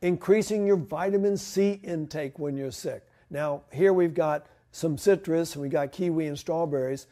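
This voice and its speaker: Guy explaining home remedies at church, kinda high voice but mellow, chatty q and a. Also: moderate pace, few pauses. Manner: conversational, asks and answers own questions. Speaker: health presenter. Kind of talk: church health talk. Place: church hall.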